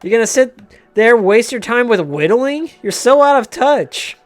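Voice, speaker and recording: A man's voice: very high-pitched, expressive, unhurried, no room sound, voice pushed up. A man voicing a bratty kid who sneers at his father in a whiny, contemptuous tone. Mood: scornful. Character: bratty mocking kid scorning his dad.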